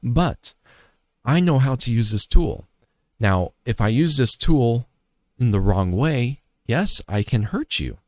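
A man's voice: medium pitch, expressive, slow, darkish tone, dry recording. A man sharing a personal story as a father in an earnest, repetitive, reflective motivational faith talk.

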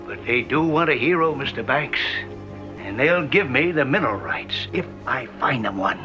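An actor playing a scheming businessman who makes a persuasive, confiding pitch in a film clip. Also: lively intonation, moderate pace, highs cut off, natural voice. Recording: film clip with music behind.

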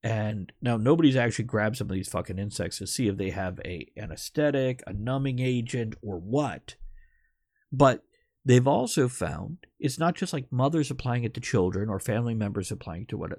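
A man's voice: fairly low pitch, darkish tone, breathy edge, no echo, clean studio sound. A man hosting a podcast in casual, rambling chat who swears now and then. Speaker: podcast host.

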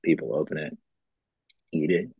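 A man's voice: extremely low pitch, normal speed, creaky, breathy edge, no echo, phone-quality sound. A man who founded a company, telling his story in a casual interview, rambling and earnest with lots of "you know" fillers. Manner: earnest and reflective. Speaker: company founder, podcast guest.

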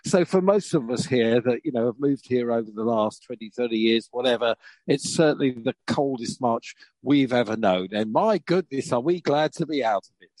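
A man's voice: mid-range voice, darkish tone, no echo, rough recording. An older man, a podcast co-presenter chatting casually with wry laughs and frequent restarts. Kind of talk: casual chat.

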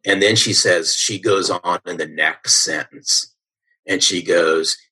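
Guesting on a podcast, this middle-aged sales coach spins stories with energy and emphasis, often tacking on "right?". He speaks slowly in a low, steady voice that sounds sharp and a bit breathy. The recording is poor.

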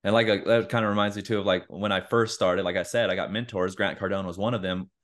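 Deep-voiced man rambling casually. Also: fairly even intonation, fast, fairly bright tone. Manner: loose, rambling, lots of fillers. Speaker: podcast co-host. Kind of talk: casual chat.

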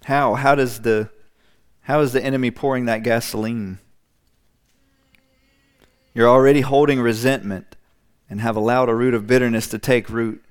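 Smooth-voiced male preacher. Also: mid-range voice, steady tone, moderate pace, long pauses. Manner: emphatic repetition, acts out voices. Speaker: pastor. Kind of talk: sermon.

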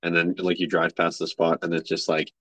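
A young man hosting a podcast in a relaxed, casual way, filling his talk with likes and you knows. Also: sits low, a little fast, dry recording. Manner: relaxed, many fillers, affirming. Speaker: podcast host. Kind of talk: casual chat.

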